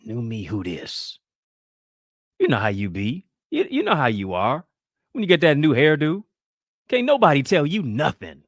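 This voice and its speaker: A man's voice: a little high, wildly swooping pitch, moderate pace, dry recording, studio quality. A man giving a preaching-style motivational talk, full of rhetorical questions and call-and-response, slipping into playful voices of other people. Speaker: motivational speaker.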